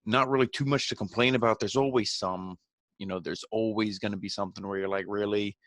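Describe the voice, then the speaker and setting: A man hosting a podcast, giving a relaxed, rambling, conversational recap of a wrestling show. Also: lowish voice, fast talker, dry recording, studio quality. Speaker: podcast host.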